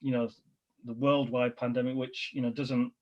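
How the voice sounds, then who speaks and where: A man's voice: mid-range voice, level tone, normal speed. A man hosting a podcast interview in a casual, rambling way, often restarting his sentences. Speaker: podcast host. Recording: dull lo-fi recording.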